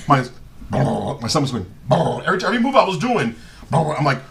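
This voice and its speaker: A middle-aged man spins rowdy, profane stories for a live show audience, laughing through his own punchlines. His voice sits a touch high for a man. A faint hum of ambience runs under the recording. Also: moderate pace, vocal fry. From Southern California. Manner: animated, profane, laughing often. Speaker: host telling stories. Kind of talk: casual comedic storytelling.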